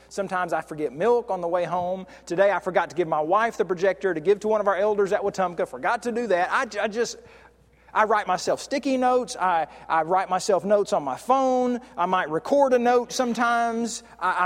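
A man preaching a sermon in a conversational way, often restarting and drawing out key words slowly. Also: high-pitched. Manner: conversational, with frequent restarts and slow stressed words. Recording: long hall reverb.

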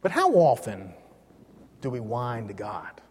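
A man teaching a Bible lesson in a relaxed, joking way, leaning hard on key words. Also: mid-range voice, unhurried, in a large hall, slight background noise.

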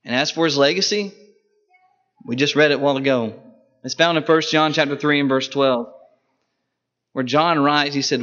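A man preaching a sermon, emphatic, with sharp rises and drops in his voice for stress. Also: a little high, moderate pace, pauses often. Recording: dull lo-fi recording.

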